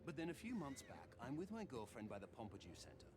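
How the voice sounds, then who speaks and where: An actor playing a relaxed, smooth-talking male treasure thief who tells stories with dry humor. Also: medium pitch, quick pace, noisy background, close to an everyday voice. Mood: wry. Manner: wry storytelling, dry humor. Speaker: game character. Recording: game audio with loud ambience.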